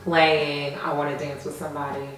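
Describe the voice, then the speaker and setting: A woman with a low voice speaks as a relationship coach in a calm, measured way. She is heard from off the mic in a very echoey room. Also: far from the mic. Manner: calm, measured advice-giving. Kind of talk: casual interview chat.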